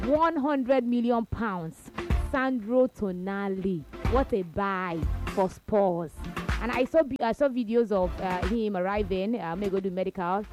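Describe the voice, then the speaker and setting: A young woman with a Nigerian accent hosting a casual football talk show, animated, mixing Pidgin slang and repeating phrases for emphasis. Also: mid-range voice, unhurried, over music. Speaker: sports talk host.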